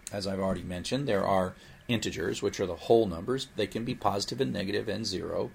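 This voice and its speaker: A man teaching programming in a recorded lecture, explaining in a lively way with playful asides. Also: low-pitched, fast, creaky, slight background noise. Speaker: programming instructor.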